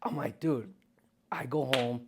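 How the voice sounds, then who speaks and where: A man's voice: mid-range voice, unhurried, a little hiss or hum. A man co-hosting a comedy podcast, telling crude stories with lots of swearing and laughter. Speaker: podcast co-host.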